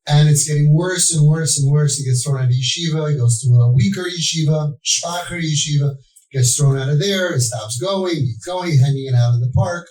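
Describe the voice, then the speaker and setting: A man's voice: on the high side, normal speed, a little mellow. A man speaking to an audience, telling a story with acted-out quotes and joking asides. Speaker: parenting speaker. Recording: roomy hall, mic at a distance.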